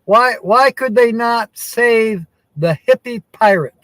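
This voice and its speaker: A man's voice: extremely high pitch, takes it slowly, a bit bright, no room sound, rough recording. A man hosting a live stream from his truck, chatting casually and chuckling often. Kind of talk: casual chat.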